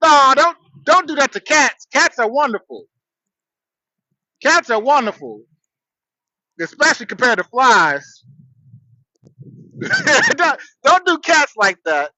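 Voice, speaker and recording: A man's voice: very high-pitched, very animated, a little slow, long pauses, bright, forceful tone, dry recording, rough recording. A man hosting a casual livestream from his truck on a headset, rambling in a laid-back way and greeting viewers. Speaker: livestream host. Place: outdoors, in a truck.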